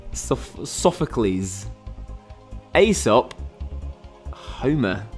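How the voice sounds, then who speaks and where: A man's voice: medium pitch, huge pitch swings, extremely slow, faint music behind. A man hosting a quiz game on a live stream, chatting casually and rambling with lots of fillers and restarts.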